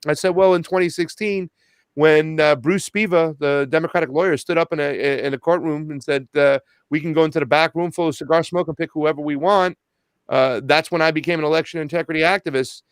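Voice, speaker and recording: Animated man telling a story. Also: on the high side, fairly quick, smooth, dry recording. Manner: animated storytelling, acts out quoted dialogue. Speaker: podcast host and activist guest. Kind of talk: casual chat.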